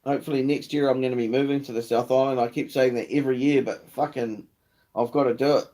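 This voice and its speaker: A man's voice: mid-range voice, fairly even intonation, fast, mellow. A young man with a New Zealand accent hosting a casual live chat, slangy and swearing freely, calling viewers mate and bro. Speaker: livestream host.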